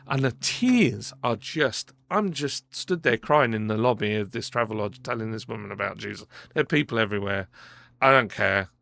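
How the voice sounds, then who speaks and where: A man spins a personal story on a podcast, his voice gravelly with a bright, forceful edge. He acts out every exchange and trips over his own restarts as he goes. The sound is close and dry. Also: medium pitch, normal speed, no echo. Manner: animated storyteller, acts out quoted dialogue, frequent restarts. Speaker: podcast co-host. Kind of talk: casual storytelling chat. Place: podcast studio.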